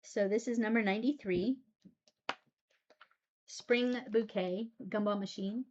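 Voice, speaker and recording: A soft-spoken woman gets teary as she shows her cross stitch works in progress in a casual vlog, her voice catching between frequent ums. Her pitch sits in a middling range. The sound is a little dull, with a faint hiss behind her. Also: steady tone, unhurried. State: teary, voice breaking. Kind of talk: casual show-and-tell vlog.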